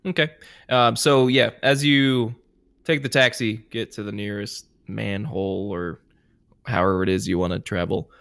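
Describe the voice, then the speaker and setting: Low, gravelly-voiced man running a tabletop game. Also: fairly even intonation, moderate pace, a bit bright, no echo. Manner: casual, hesitant, filler-heavy. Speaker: game master.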